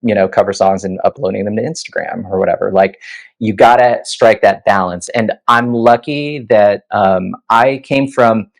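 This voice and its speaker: Guy in his 30s, kinda low voice, rambling animated stories w lots of "like" and "you know". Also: moderate pace, gravelly, poor audio. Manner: animated anecdotes, many fillers like "you know" and "like". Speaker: guest musician. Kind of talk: casual interview storytelling.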